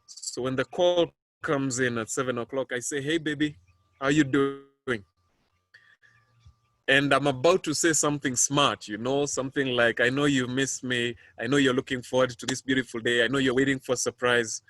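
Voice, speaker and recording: A man's voice: mid-range voice, fairly even intonation, moderate pace, a bit bright. A man in his thirties with a Kenyan accent, a motivational speaker telling a personal story with dramatic, building intensity. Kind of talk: storytelling speech.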